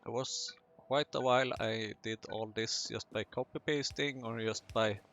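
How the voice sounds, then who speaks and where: Guy chatting slow over his factory game, gravelly voice, bright edge, joking at himself. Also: medium pitch, fairly even intonation, highs cut off. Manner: chatty, self-mocking asides while building. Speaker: gaming video host. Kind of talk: casual let's-play commentary.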